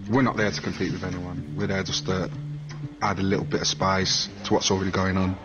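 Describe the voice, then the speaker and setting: Man, very deep voice, laddish boastful storytelling, dull TV sound, music underneath. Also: level tone, brisk. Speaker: pop singer interviewed. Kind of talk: documentary interview.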